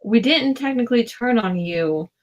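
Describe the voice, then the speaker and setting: A woman's voice: fairly high pitch, animated, normal speed, lo-fi sound, a crowd in the background. A woman playing a tabletop game, speaking in a dry, matter-of-fact way. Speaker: player. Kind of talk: casual tabletop play.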